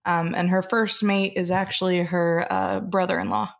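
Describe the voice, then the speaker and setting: Easygoing woman pitching her game character. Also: little pitch movement, moderate pace, vocal fry. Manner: easygoing, a little giggly. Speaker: tabletop game player. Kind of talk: casual chat describing a character.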